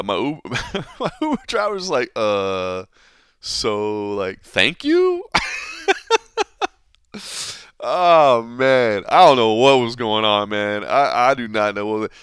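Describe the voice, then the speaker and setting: A man hosting a podcast, telling a story in a casual, animated way, full of fillers like "man" and "you know", acting out the people he quotes. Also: on the low side, clear, resonant tone, no room sound, studio quality. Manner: animated storyteller who acts out quoted voices. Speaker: podcast host.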